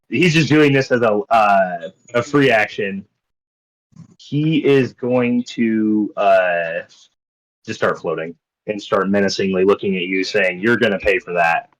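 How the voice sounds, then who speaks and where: A man's voice: fairly low pitch, rough recording. A man running a tabletop game as dungeon master, easygoing and full of fillers.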